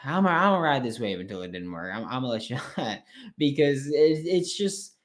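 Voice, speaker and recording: A man hosting a sports podcast late at night, talking casually, animated and frank, with some swearing. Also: medium pitch, brisk.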